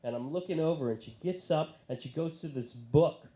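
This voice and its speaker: A man doing stand-up into a handheld mic on a small bar stage, his voice sitting a little high for a man. He tells his stories in an animated way and leaps up into excited, squeaky tones whenever he quotes someone. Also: fairly quick, reverberant. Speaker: stand-up comedian. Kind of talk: stand-up comedy set. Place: comedy bar stage with audience.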